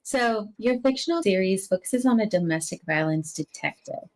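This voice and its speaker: A woman podcast host asking prepared interview questions in a measured, deliberate way. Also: mid-range voice, animated, darkish tone.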